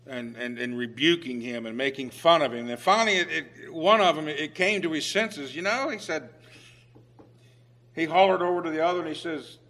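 Bright-voiced middle-aged male preacher. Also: mid-range voice. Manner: conversational with restarts, swinging from hushed to emphatic. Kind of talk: sermon.

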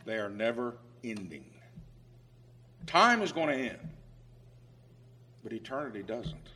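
A man preaching a sermon with emphatic swings in loudness who reads scripture aloud in old-fashioned biblical phrasing. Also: mid-range voice, sing-song, unhurried, slightly rough.

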